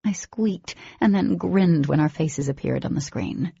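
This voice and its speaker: A woman narrating an audiobook in first person, with an expressive reading and a husky, creaky voice. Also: sits low, unhurried, no echo, lo-fi sound.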